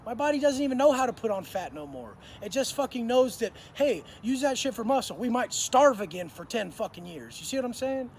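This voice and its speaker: A man's voice: extremely high pitch, very animated, fairly quick, few pauses, a little hiss or hum. A man in his thirties telling prison stories in a blunt, profane, slang-heavy way. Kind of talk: casual storytelling to camera.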